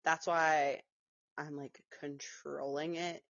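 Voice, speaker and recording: A woman co-hosting a podcast in casual chat, relaxed, with quick agreeing replies. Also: sits low, no room sound. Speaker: podcast co-host. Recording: dry muffled lo-fi recording.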